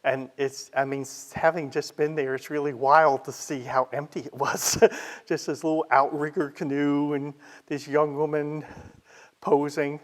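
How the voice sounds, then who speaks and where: A man with a slightly raised voice leads an informal history talk. He is conversational and easygoing, pausing on fillers and adding remarks as he moves through his material. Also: on the high side, flat delivery. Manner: chatty, with frequent "uh" fillers and asides. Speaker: library history presenter.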